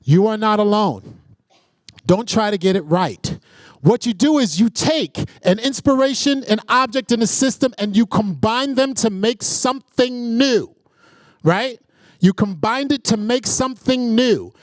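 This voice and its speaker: Lively man leading an audience workshop. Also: sits high, a little slow, no echo, clean studio sound. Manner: energetic, calls on the audience, repeats "right?". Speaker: workshop facilitator. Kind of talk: interactive workshop talk.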